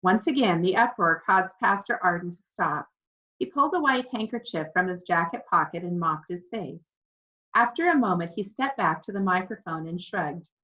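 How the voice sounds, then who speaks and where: A woman narrating a children's storybook with clear, expressive delivery. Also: fairly low pitch, normal speed. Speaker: audiobook narrator. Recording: slightly dull lo-fi recording.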